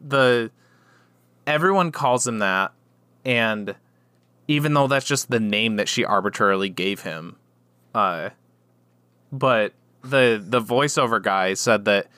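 A man's voice: fairly low pitch, unhurried, long pauses, bright, forceful tone, no echo. A man co-hosting a podcast, rambling through a casual chat with many fillers and restarts. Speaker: podcast co-host.

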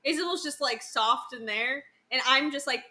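A woman's voice: high voice, moderate pace, bright, forceful tone. A woman in her twenties, co-hosting a podcast with her sister and dropping dry quips between laughs. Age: 20s. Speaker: podcast co-host. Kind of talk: casual chat with her sister.

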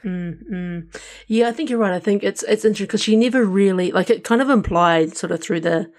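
A man's voice: high voice, a little fast. A man co-hosting a casual podcast about shows, easygoing and hedging, with lots of "like" and "kind of". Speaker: podcast co-host. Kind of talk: casual entertainment review chat.

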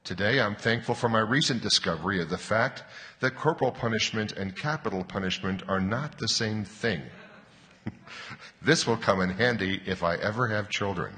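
A man preaching a sermon. He tells wry jokes, then reads scripture slowly like a bedtime story. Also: on the low side, pushed and bright. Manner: wry joking, then slow storybook reading. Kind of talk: sermon with humorous readings. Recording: reverberant hall.

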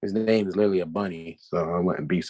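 A man's voice: low-pitched, fast talker, warm tone, slight background noise. A man chatting casually in a laid-back, hesitant, joking way. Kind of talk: casual chat.

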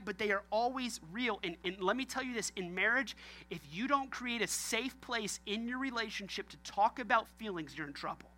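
A man's voice: high voice, pushed and bright. A man preaching a sermon as pastor, joking and talking straight to his congregation.

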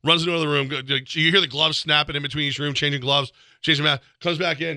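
A quick-talking man with a very bright, forceful voice tells a rambling story in casual chat and restarts his sentences often. He mocks himself as he goes and chews gum. The sound is dry and close, with no room around it. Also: fairly high pitch, steady tone, no room sound. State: chewing gum. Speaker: sports radio co-host.

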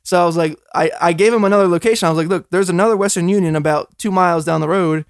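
Young guy podcast cohost, high voice, dry close sound, tells stories fast. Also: smooth, no echo. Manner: storytelling, acts out both sides of exchanges. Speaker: podcast co-host. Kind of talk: casual chat.

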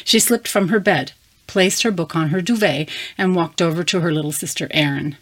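A woman reading her fantasy story aloud with steady, measured narration. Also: fairly low pitch. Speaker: story reader.

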